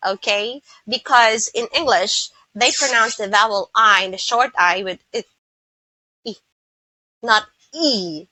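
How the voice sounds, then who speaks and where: A Filipino woman teaching English pronunciation, who speaks slowly and repeats words so listeners can copy them. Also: on the high side, sharp tone, dry recording, low-quality recording. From Philippines. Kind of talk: pronunciation lesson.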